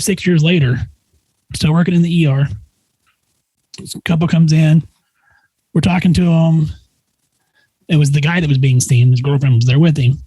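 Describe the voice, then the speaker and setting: A man with a fairly high, husky voice tells a story in a relaxed, chatty way, slipping into the voices of the people he quotes. His sound is dry and close, with no room around it. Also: no echo, rough recording. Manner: animated, acts out quoted voices. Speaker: nurse practitioner guest. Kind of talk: casual storytelling.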